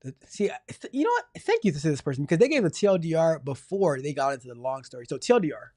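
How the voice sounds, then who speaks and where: A man's voice: a little high, fast talker, no room sound, clean studio sound. A man hosting a live tech career advice show, reading out viewer questions and answering with jokey, exasperated outbursts and lots of repetition. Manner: animated and exasperated, repeating himself for emphasis; jokey, swings between mock outrage and apology.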